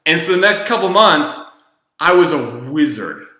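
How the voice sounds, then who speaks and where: A man, a former treatment counselor, telling a personal story in a casual, rambling, animated way. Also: on the high side, normal speed, reverberant.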